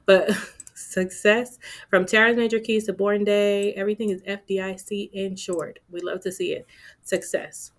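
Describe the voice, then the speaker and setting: A woman's voice: medium pitch, level tone, normal speed. A woman talking casually to viewers while doing her budget, chatty and playful with asides to herself. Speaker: budgeting vlogger. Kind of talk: casual talk-through of budgeting.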